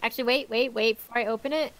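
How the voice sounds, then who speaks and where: A woman playing a tabletop game over voice chat, eager and quick to swear. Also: on the high side, fairly even intonation, poor audio. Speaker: player. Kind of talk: casual tabletop play.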